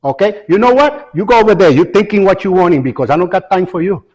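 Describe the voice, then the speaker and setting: A man's voice: high voice, animated, fast talker, a little mellow, slightly rough, voice pushed up. A man playing an impatient old male coffee shop worker, talking in brusque, broken English. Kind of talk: comedy sketch.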